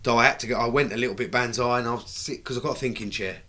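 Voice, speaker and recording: A middle-aged British man telling stories in a casual chat, lively and swearing freely as he acts out what people said. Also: mid-range voice, rapid-fire. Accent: British English. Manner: animated, acts out quoted dialogue, swears freely. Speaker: bike builder, guest. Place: recording studio.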